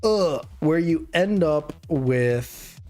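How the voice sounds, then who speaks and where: A drunk streamer hosts a casual late-night chat, rambling, swearing, trailing off and hiccuping now and then. Their voice is slow, drawn-out and middling in pitch, animated despite a darkish tone, with faint music playing underneath.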